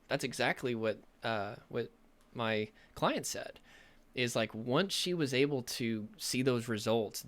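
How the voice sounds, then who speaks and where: A man's voice: fairly low pitch, fairly bright tone. Earnest male recovery coach. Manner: earnest, repetitive, emphatic. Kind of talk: motivational talk to camera.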